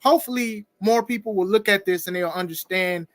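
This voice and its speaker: A man hosting a podcast interview in casual chat, animated and laughing often, reading viewer comments aloud. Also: high-pitched, fairly quick, no echo. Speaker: podcast host.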